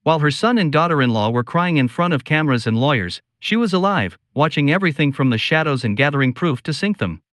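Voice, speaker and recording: Slow, solemn male storyteller. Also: on the high side, expressive, a bit bright, no echo, clean studio sound. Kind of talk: scripted first-person story narration.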